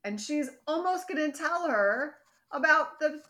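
Podcast co-host, woman, lively and worked up, acts out scenes while she recaps. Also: high voice, unhurried. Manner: animated, exasperated, acts out characters' lines. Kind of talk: casual chat recap.

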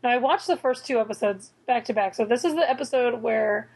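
A woman's voice: a little high, a little fast, gravelly, a little mellow, rough recording. A woman co-hosting a podcast, chatting casually and animatedly about TV shows, often laughing. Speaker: podcast co-host. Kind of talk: casual TV review chat.

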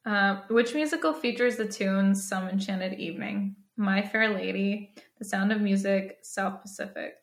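Chatty young woman, fry in a roomy echo. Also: medium pitch, fairly even intonation. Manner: chatty, says "like" a lot, quick bursts of laughter. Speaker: podcast co-host. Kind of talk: casual chat.

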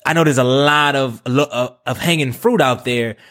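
A man's voice: mid-range voice, moderate pace, a bit bright. A man hosting a casual podcast, eager and friendly, stumbling over repeated words and calling his guest "man". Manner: eager, stammering restarts, calls guest "man" and "bruh". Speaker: podcast host.

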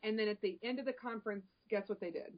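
A woman's voice: medium pitch, quick pace, lo-fi sound. A woman who presides over a local early childhood chapter, chatting casually and telling stories with enthusiasm on a podcast. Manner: enthusiastic, storytelling, many restarts.

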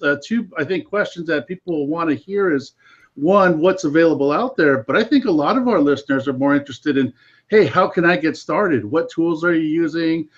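A man's voice: a little high, highs cut off. A man guesting on a casual panel chat, friendly and a little hesitant, with many fillers.

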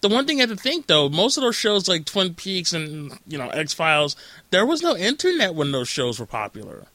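A man with a bright, forceful voice, pitched a little high, hosts a casual podcast chat over a remote call. He talks in a loose, joking way, full of "like" and quick asides. The sound is dry and close. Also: huge pitch swings, no echo. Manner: chatty, jokey, lots of filler "like". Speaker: podcast host.

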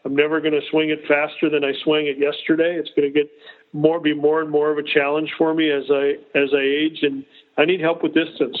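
A man in his fifties, a guest on a casual interview, explaining at length with frequent restarts. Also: a little high. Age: 50s. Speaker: golf company executive guest. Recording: tinny phone line.

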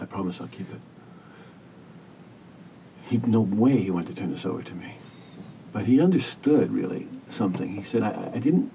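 Gravelly, low-voiced man telling a story. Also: distant mic, slight background noise. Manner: earnest, gentle, measured storytelling. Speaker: hospice caregiver, podcast guest. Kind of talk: reflective storytelling interview.

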